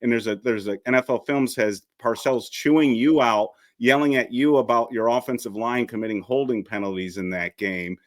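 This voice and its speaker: A male co-host rambles through his questions with restarts. His voice is of middle pitch and sounds dry and close. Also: normal speed, hardly any pauses, dry recording. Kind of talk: casual chat.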